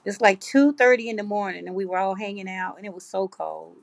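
A woman's voice: mid-range voice, fairly quick, no room sound. A middle-aged woman, hosting a live craft stream and chatting casually with her viewers as she reads their comments. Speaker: craft livestream host. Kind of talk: casual livestream chat.

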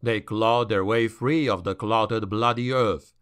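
A man narrating a dark fantasy audiobook in a measured, dramatic way. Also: on the low side, steady tone, clean tone.

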